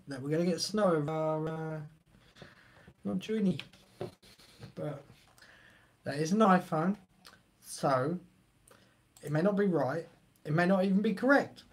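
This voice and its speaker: High-voiced man chatting on stream. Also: moderate pace, long pauses, slight background noise. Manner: chatty, joking, rambling, reading chat aloud. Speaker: live stream host. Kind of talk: casual live stream chat.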